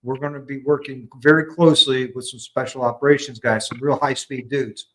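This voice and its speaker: A man's voice: medium pitch, brisk, poor audio. An American man, a veteran and former maintenance platoon sergeant, telling war stories casually and acting out the quotes. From United States. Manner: animated storyteller who acts out quotes. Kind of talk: casual storytelling.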